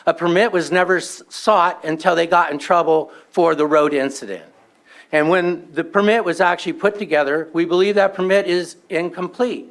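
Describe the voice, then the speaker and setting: A man's voice: fairly high pitch, normal speed, fairly bright tone. A man giving public comment at a county meeting, telling an aggrieved story and acting out the exchanges he quotes.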